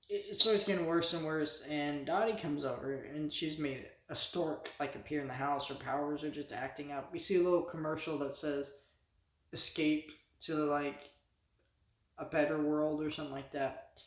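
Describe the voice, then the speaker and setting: A man's voice: on the high side, fairly even intonation, unhurried, pauses often. Rambling man in an echoey room. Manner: rambling, frequent restarts and fillers. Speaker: vlogger reviewing a TV episode. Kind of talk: casual spoken review.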